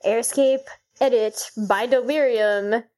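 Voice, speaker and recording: A woman co-host with a somewhat high voice, trading quips in casual podcast chat. She speaks bluntly, tossing in short teasing remarks. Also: fairly even intonation, slow, darkish tone.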